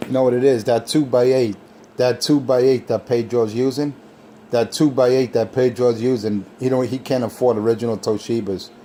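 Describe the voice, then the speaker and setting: A man's voice: mid-range voice, steady tone, moderate pace, dark tone, a little hiss or hum. A man on CB radio, scornfully picking apart a rival's equipment and skills. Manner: scornful, technical put-downs. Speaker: CB radio operator. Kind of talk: on-air radio banter.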